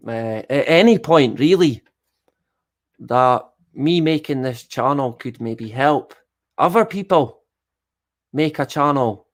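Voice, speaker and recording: A middle-aged Scottish man chatting casually on a live stream, swearing freely and joking at his own expense. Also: medium pitch. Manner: swears a lot, chatty and self-deprecating.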